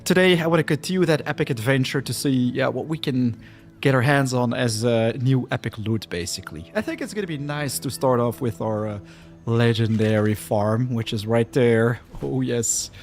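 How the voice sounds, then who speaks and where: A man's voice: medium pitch, moderate pace, soft background music. Chatty male game streamer, a bit winded. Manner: chatty, lots of fillers and restarts. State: slightly out of breath. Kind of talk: casual live stream chat.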